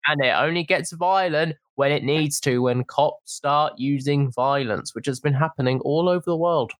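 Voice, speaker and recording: A man's voice: fairly high pitch, normal speed, no room sound, studio quality. A young man co-hosting a casual podcast, talking in an indignant, sarcastic way. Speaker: podcast co-host. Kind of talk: casual opinion chat.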